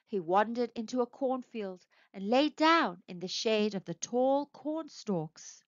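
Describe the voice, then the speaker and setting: Woman storyteller, high bright voice, very lively, dry slightly dull lo-fi sound. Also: unhurried, no echo. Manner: expressive, sing-song storytelling. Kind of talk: children's read-aloud narration.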